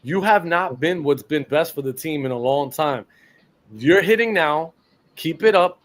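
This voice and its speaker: A man rants bluntly about his team, swearing freely and pushing the point hard. His voice sits high for a man. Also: a little slow. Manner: blunt, profane, animated. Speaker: podcast co-host. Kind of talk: heated sports rant.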